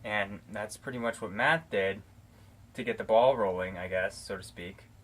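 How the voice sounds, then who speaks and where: A man's voice: on the low side, moderate pace, a bit bright. An American man talking casually to camera in a vlog, rambling and affectionate, with plenty of fillers and restarts. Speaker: vlogger. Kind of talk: casual talking-head shout-outs. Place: living in Arizona. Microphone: camera mic, talking straight to camera.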